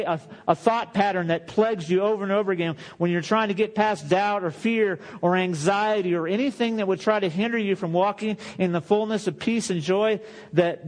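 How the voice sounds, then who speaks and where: A man with a high-pitched voice preaching a sermon. He keeps it conversational, acting out the quoted voices and laughing often.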